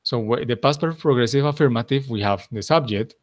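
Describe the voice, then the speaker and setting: A male English teacher with a Colombian accent, speaking at a mid pitch. He is patient and encouraging, and walks students through corrections step by step. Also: fairly quick. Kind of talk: online class teaching.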